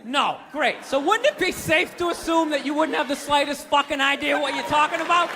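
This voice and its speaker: A man doing a stand-up routine on a comedy club stage, ranting loudly and exasperatedly with plenty of profanity. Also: very high-pitched, brisk. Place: comedy club stage before a live audience. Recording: live stage recording with crowd laughter and noise.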